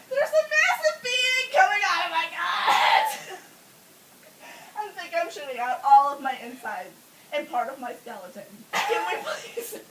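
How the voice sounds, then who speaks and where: Woman, casual comic storytelling, animated, swings up and down, roomy echo, faint hiss. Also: sits high, recorded from a distance. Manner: animated, laughing often, swearing. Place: home.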